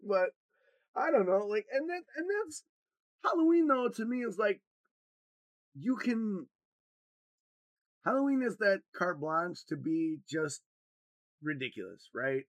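A man from Wisconsin co-hosting a podcast, telling a rambling, profane story in a loose, animated way. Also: high voice, a little slow, long pauses, no echo. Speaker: podcast co-host. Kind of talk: casual podcast chat, storytelling.

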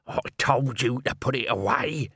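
A man's voice: on the high side, takes it slowly, fairly bright tone, no room sound, clean studio sound, pitched above the performer's own voice. A man voicing a shifty, small-time city watchman who talks in a cheeky, nervous, wheedling way.

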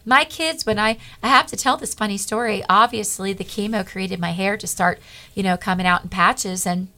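Appearing as a guest on a Christian talk show, a middle-aged woman shares a personal testimony earnestly and with animation, acting out the dialogue. Her pitch is medium and her pace moderate.

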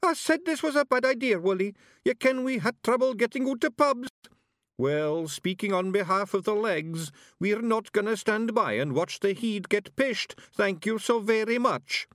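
A man's voice: high voice, animated, normal speed, fairly bright tone, dry recording, studio quality, pitched above the performer's own voice. A man voicing a rowdy crowd of little fairy men disguised as a drunken scarecrow, in a thick Scottish brogue. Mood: squabbling. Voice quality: gruff brogue, squabbling.

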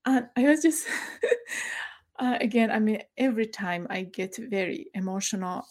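A former journalist, a middle-aged woman with a mid-range voice, shares a personal story. Her speech is halting and emotional, full of fillers and pauses as she hunts for words, and she sounds near tears.

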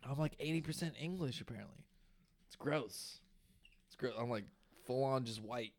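A man co-hosting a casual podcast, spinning a creepy folk tale with plenty of swearing. He talks in an animated way and breaks into laughter often. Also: medium pitch, normal speed. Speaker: podcast co-host. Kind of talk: casual chat, storytelling folklore.

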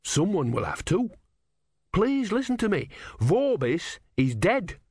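An earnest, gentle young man pleading with stern enemies. A male reader voices him a little above his own voice and keeps him soft-spoken. The recording is close and dry. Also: sits high, sing-song, takes it slowly, slightly rough, no echo, pitched above the performer's own voice, exaggerated voice.

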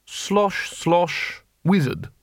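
A man's voice: high-pitched, sing-song, very slow, gravelly, dry recording, clean studio sound, pitched above the performer's own voice, heavily acted. A man voicing a blunt, blustering older wizard who stammers and halts. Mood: musing. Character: bluff, blustering older male wizard chancellor.

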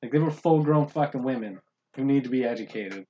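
A man's voice: medium pitch, a little fast, warm tone. A man co-hosting a casual podcast, telling a rambling, profane story full of "like" and "man". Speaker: podcast co-host. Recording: dull lo-fi audio.

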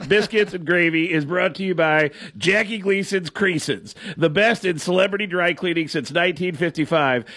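A comedian guest doing exaggerated celebrity impressions for mock radio ads. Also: male voice, on the high side, fairly bright tone. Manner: switches into exaggerated put-on voices. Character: male celebrity impressions, brash and loud.

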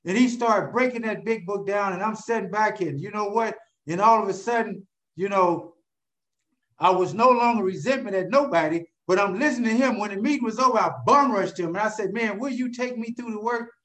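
A man telling his own recovery story to an audience in an animated way. He keeps asking rhetorical questions and calls out to listeners by name. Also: high-pitched, brisk. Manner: addresses listeners directly by name. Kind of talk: storytelling talk to a live audience.

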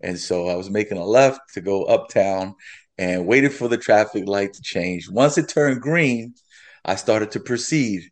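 A man who is a guest on a podcast, telling a story in an animated way, acting out the voices and laughing along. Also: lowish voice, measured pace.

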